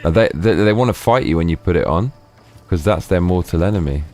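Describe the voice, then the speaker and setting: A man's voice: sits low, animated, brisk, darkish tone, faint music behind. A man streaming a video game live, muttering frustrated reactions and chatting with viewers. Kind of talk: live gameplay commentary.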